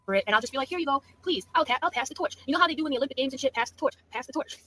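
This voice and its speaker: A woman from Massachusetts rants at a rival, brash and full of insults. Her voice sits high and she fires off words quickly, with a faint hum of noise behind her. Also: lively intonation, bright, forceful tone. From Massachusetts, USA. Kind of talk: trash-talking video rant.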